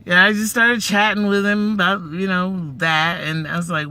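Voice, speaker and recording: Bright-voiced man ranting through a story. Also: sits high, normal speed, hardly any pauses, smooth. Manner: animated, profane, slangy, full of asides. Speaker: vlogger. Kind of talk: casual storytelling rant.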